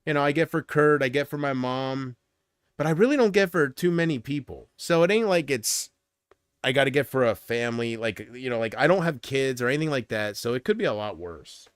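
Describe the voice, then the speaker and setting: Lively, rambling male livestreamer. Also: mid-range voice, a little fast, smooth, dry recording, clean studio sound. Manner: rambling, answers viewer comments. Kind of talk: casual livestream chat.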